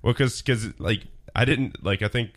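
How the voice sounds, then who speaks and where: A man's voice: medium pitch, moderate pace. A man co-hosting a podcast in a casual, rambling chat, full of fillers. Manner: laid-back, rambling with fillers. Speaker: podcast co-host.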